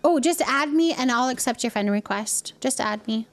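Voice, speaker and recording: A woman's voice: high voice, animated, moderate pace. Chatty, laughing woman streamer. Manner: chatty, laughs often, talks to viewers as you guys. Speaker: livestreamer and mother. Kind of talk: casual live-stream chat while playing a game.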